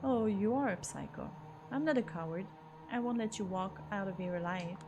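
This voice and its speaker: A woman voicing a menacing, mocking woman stranger with a raspy, put-on French accent. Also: medium pitch, normal speed, highs cut off, music in the background, lightly acted. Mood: cold.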